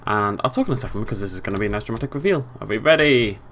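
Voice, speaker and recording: A man's voice: lowish voice, very animated, rapid-fire, a bit bright, slight background noise. A young British man giving casual, chatty let's play commentary, playfully talking to the game animals.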